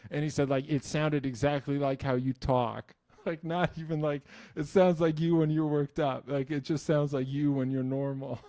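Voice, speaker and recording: Profane, fast-talking New Jersey man. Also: on the high side, no echo. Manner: profane, animated, self-mocking, many restarts. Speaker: musician YouTube host. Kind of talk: casual Q&A chat.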